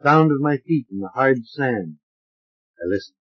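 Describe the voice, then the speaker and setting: A man's voice: mid-range voice, expressive, a little slow, slightly rough. A man reading a short story aloud in a dramatic audiobook style. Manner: dramatic, varied character voicing. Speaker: audiobook narrator. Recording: dull lo-fi transfer of an old record.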